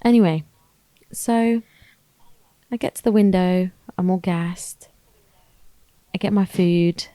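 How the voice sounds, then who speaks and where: A woman's voice: fairly low pitch, takes it slowly, long pauses, mellow, no room sound. A young woman, co-hosting a casual podcast and telling a story in slangy chat, acting out what she said at the time. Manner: chatty storyteller, slangy, acts out her own past lines. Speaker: podcast co-host.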